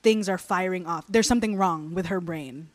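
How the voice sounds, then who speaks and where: A woman's voice: on the low side, moderate pace. A young woman telling a story in casual chat, rambling with many restarts and fillers.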